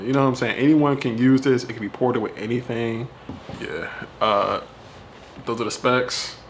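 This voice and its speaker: A man doing a casual tech review vlog, animated and slangy, talking straight to his viewers. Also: fairly low pitch, a little hiss or hum.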